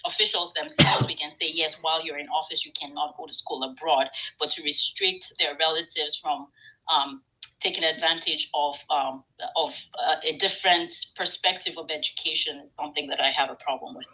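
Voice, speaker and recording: A woman's voice: deep voice, steady tone, a little fast, pushed and bright, low-quality recording. A woman speaking in a discussion, careful and hesitant with many fillers. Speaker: caller. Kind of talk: casual discussion.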